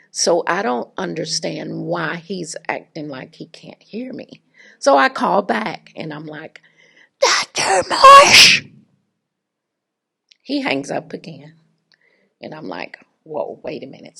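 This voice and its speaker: Middle-aged woman, raspy gravelly voice, low-ish pitch, chatty lecturer. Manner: chatty and humorous, addresses audience directly. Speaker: faculty speaker. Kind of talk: conversational lecture with anecdote.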